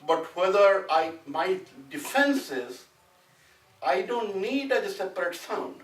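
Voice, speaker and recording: A man's voice: high-pitched, big pitch swings, takes it slowly. Indian-born man teaching a class, echoey and distant. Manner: conversational, often asks "you know what I'm saying?". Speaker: Sanskrit teacher. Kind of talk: classroom lecture with discussion. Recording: echoey room, mic at a distance, faint noise.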